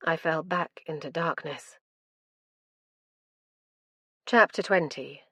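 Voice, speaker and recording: A woman's voice: medium pitch, normal speed, no room sound. A woman narrating a first-person fantasy audiobook in an intense, dramatic storytelling manner.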